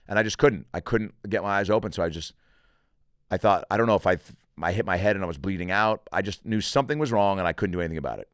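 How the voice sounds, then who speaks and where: A middle-aged comedian with a low voice, recorded close and dry with no room sound. He tells a story casually and profanely, animating the people he quotes. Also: fast talker, no room sound. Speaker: comedian podcast host.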